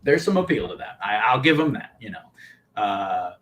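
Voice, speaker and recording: A man's voice: fairly low pitch, animated, normal speed, fairly bright tone. A man hosting a casual livestream podcast, talking in long, hesitant, rambling runs and reading out viewer comments. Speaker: podcast host.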